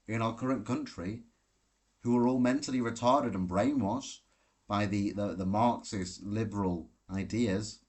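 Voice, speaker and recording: A brash man rants through a live Q&A stream, swearing freely as he fires back at chat questions. His voice sits a little low for a man. He streams from a hotel room. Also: slightly rough. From Britain. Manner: brash, profane ranting. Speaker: livestream host.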